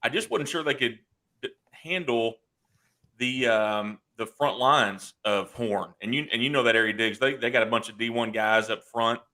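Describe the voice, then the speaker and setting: Bright-voiced sports co-host. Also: male voice, mid-range voice, moderate pace. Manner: excitable, restarts often. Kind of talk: casual sports talk.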